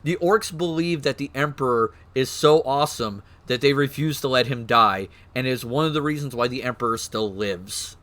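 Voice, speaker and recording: A man streaming, excitedly explaining game lore in casual chat, swearing and laughing. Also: medium pitch, moderate pace, few pauses.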